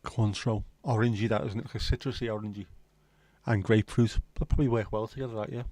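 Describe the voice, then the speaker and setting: Laid-back low-voiced man in his 50s. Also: steady tone, fast talker, a little mellow, no echo. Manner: laid-back banter with swearing and dry jokes. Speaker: livestream host. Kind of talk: casual chat.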